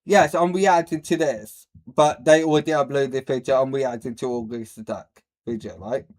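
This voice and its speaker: A man's voice: mid-range voice, moderate pace, a little mellow. A man hosting a reaction video, who rambles bluntly with many fillers and says he has a speech problem. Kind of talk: casual reaction commentary.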